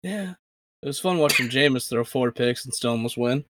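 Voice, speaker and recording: A man's voice: medium pitch, normal speed, a bit bright, a little hiss or hum. A tired man in his twenties co-hosting a casual sports podcast, joking wryly and laughing often. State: tired from little sleep. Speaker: podcast co-host.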